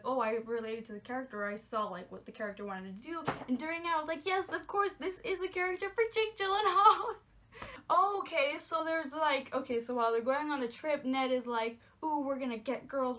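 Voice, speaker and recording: High-voiced gushing young woman. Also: fairly bright tone. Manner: gushing, giggly, rambling with many "like"s. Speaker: movie reviewer. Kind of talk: casual spoiler review chat.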